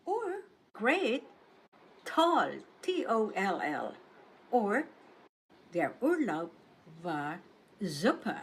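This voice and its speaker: A woman's voice: fairly high pitch, very animated, husky. A woman hosting a radio German lesson, repeating words and phrases for listeners. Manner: slow, drawn-out drill with repeated phrases. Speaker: German language segment host.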